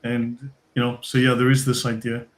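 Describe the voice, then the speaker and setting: A man's voice: medium pitch, monotone, moderate pace. A man hosting a live stream panel discussion, steering the talk and reading out donations. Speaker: host.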